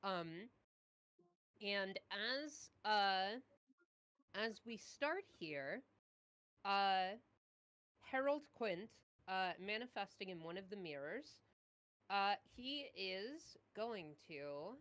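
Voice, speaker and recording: A woman narrating as dungeon master in a casual tabletop game, unhurried and halting, with many fillers. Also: mid-range voice, expressive, a bit bright.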